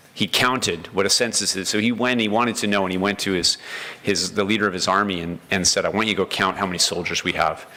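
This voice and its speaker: A man's voice: sits low, sharp tone. A man preaching a sermon as pastor, earnest, acting out the prayers of the story with feeling.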